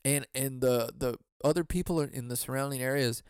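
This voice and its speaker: A man's voice: medium pitch, brisk, darkish tone, clean tone, dry recording. Rambling, swearing comedy podcast guy. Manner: rambling and profane, lots of "dude" and "man". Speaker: podcast host. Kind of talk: casual comedic monologue.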